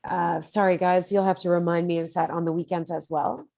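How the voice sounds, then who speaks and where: A woman on a committee speaking haltingly, searching for words, in a virtual meeting. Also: fairly low pitch, little pitch movement, creaky, dark tone, no echo. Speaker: committee member. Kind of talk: meeting discussion. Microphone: video call.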